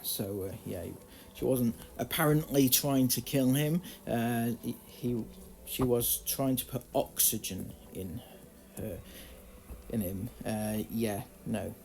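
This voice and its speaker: A man's voice: medium pitch, slow pace, vocal fry, a little mellow, soft background music. A man reading journal excerpts aloud and breaking in with sarcastic, indignant commentary in a true crime video.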